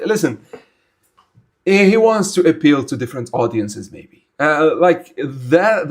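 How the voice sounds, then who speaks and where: A young man from Algeria, an Arabic speaker, chatting casually with viewers on a livestream in a blunt, rambling way. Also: medium pitch. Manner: animated, rambling, blunt and informal. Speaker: streamer.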